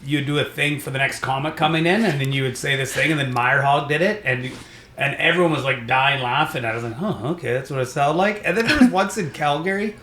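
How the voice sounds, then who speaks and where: Bright-voiced comedian, rambling. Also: male voice, medium pitch, reverberant, slight background noise. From Saskatchewan, Canada. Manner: rambling storytelling, does quick voices. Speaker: stand-up comedian guest. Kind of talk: casual podcast chat.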